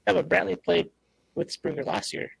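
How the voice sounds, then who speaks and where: A man's voice: high-pitched, steady tone, moderate pace, vocal fry, a bit bright, breathy edge, rough recording. A man co-hosting a casual podcast over a call, laid-back with dry short replies, his voice sounding robotic from a bad connection. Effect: robotic-sounding connection glitch. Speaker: podcast co-host. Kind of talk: casual chat.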